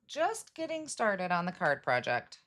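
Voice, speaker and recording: Running a relaxed livestream on card making, this talkative middle-aged host welcomes viewers by name and giggles at her mistakes. Her fairly low voice swoops wildly in pitch, a little slow and a bit bright.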